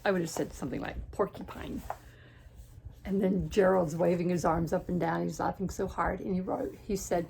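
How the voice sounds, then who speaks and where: A woman teacher reading a picture book aloud to children, gently pointing things out and asking them questions. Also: lowish voice, fairly even intonation, normal speed, creaky, slight background noise. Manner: gentle, questions and asides to young listeners.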